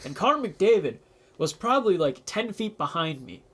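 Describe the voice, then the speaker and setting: A man's voice: high-pitched, sing-song, moderate pace, a bit bright. A young man co-hosting a podcast, telling a rambling, self-deprecating story in casual chat. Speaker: podcast co-host.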